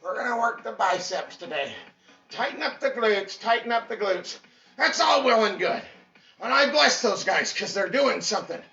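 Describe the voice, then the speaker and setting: A man giving an impassioned motivational pep talk as a fitness instructor, preachy and repetitive, bursting into shouts. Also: high voice, expressive, moderate pace, creaky. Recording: echoey, distant, dull mic with faint music.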